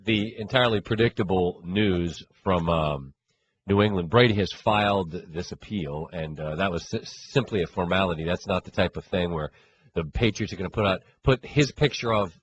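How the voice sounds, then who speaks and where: A man's voice: sits low, normal speed, dull audio, a little hiss or hum. A man hosting a sports radio show, talking in a wry, chatty, rambling way. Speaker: radio host. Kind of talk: casual sports talk.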